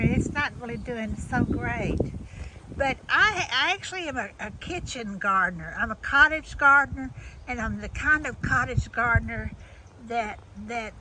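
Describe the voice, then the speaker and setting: A woman's voice: fairly high pitch, expressive, a little slow, heavy background noise. A woman giving a rambling, chatty walk-through of her garden outdoors, restarting her sentences often. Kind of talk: casual walk-through tour.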